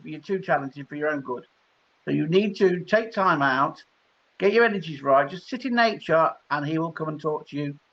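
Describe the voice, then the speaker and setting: A man's voice: on the high side, bright, forceful tone. A man giving live psychic readings in a chatty way, laughing between messages. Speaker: psychic reader. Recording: dull lo-fi stream audio.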